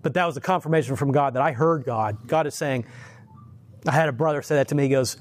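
A man's voice: mid-range voice, quick pace, no room sound. Man, informal sermon, conversational storytelling, frequent restarts, easy chuckles. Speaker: lay preacher.

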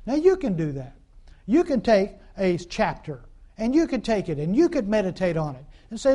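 A man's voice: high voice, very animated, moderate pace, mellow. A man preaching a conversational sermon in a folksy, repetitive way, full of fillers and call-and-response asides.

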